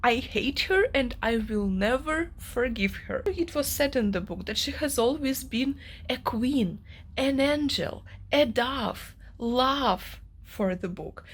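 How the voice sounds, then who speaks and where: A woman's voice: fairly high pitch, husky. A young woman vlogging about a novel she is reading, ranting with strong emotion and many fillers. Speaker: book vlogger. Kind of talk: casual reading vlog monologue.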